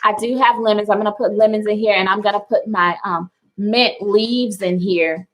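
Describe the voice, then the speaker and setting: A woman's voice: mid-range voice, fairly even intonation, moderate pace, poor audio. A young woman chatting casually on a livestream from home, laughing often and talking to viewers by name. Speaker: wellness livestream host. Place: at home indoors.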